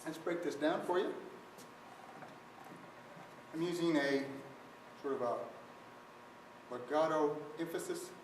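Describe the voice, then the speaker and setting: A trombone instructor, a man with a fairly high voice, speaks slowly with frequent pauses while methodically walking through articulation step by step. It's a music lesson demonstration with trombone playing in the background. The room is very echoey, the mic sits at a distance, and there's a slight hiss or hum.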